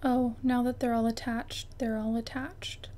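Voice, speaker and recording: A young woman with a high, bright-toned voice gives relaxed, unhurried commentary as she plays. She is bubbly and chatty, gasping and talking to the game objects as if they could hear her. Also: loud music behind the voice. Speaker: gaming YouTuber. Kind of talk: casual gameplay commentary.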